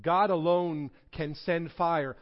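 A man's voice: fairly high pitch, fairly even intonation, slow pace, muffled recording. A male pastor preaching a sermon in a church, reading scripture dramatically with humorous asides. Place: church sanctuary.

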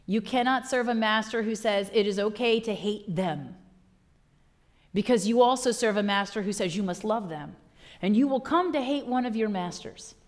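A woman pastor preaching a sermon with impassioned delivery, swinging from loud declarations to hushed lines. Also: medium pitch.

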